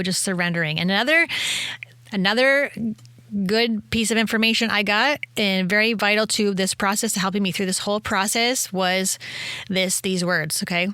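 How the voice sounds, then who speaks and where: A woman's voice: medium pitch, bright, forceful tone, dry recording, studio quality. A woman speaking as a spiritual mentor in a casual solo podcast talk, rambling and often correcting herself mid-sentence, with acted asides.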